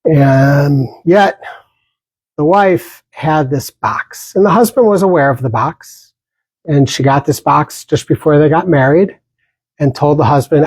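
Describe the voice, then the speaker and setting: A man leads a dharma talk as a meditation teacher, speaking very slowly and gently. His voice is husky and a little breathy, and he pauses often and restarts phrases softly. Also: on the high side, dry recording, low-quality recording. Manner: slow, gentle, pausing, with small restarts.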